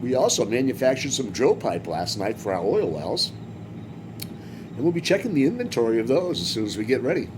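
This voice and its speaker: A man's voice: mid-range voice, big pitch swings, brisk. A man from Massachusetts giving rambling, joking commentary while streaming a farming game. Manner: chatty, rambling, joking asides. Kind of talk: casual gameplay commentary. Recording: game vehicle engine noise behind.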